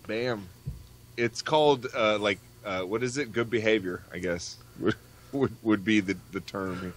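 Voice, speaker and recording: Lower-voiced wisecracking man. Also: unhurried, slight background noise. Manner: profane, wisecracking, rambling. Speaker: podcast co-host. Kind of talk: casual podcast banter.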